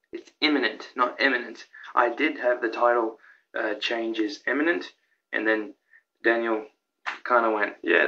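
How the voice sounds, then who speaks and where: A young man rambling excitedly through a countdown of his own videos, with lots of restarts and fillers. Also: lowish voice, vocal fry, lo-fi sound. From Australia. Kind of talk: casual vlog commentary.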